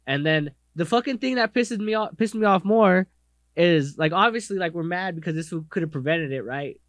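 A man co-hosting a podcast in casual chat, animated and profane, often acting out other people's voices. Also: high voice, moderate pace, dry recording. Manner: animated, swears a lot, acts out others' voices; self-described most expressive. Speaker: podcast co-host.

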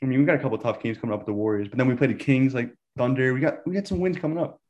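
A man's voice: mid-range voice, racing, a little mellow, dull audio. A young man co-hosting a sports podcast, a hyped, trash-talking fan in casual chat. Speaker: podcast co-host.

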